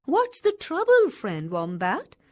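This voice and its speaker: A woman's voice: wildly swooping pitch, slow, full character voice. Woman voicing a caring mother kangaroo. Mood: kindly. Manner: gentle, caring, rising pitch. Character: tender-hearted mother kangaroo, protective. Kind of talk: storybook reading.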